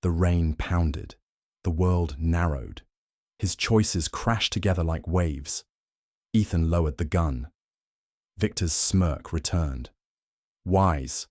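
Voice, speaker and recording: A man giving tense, measured scripted narration of a detective thriller. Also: low voice, a little mellow, no echo, clean studio sound.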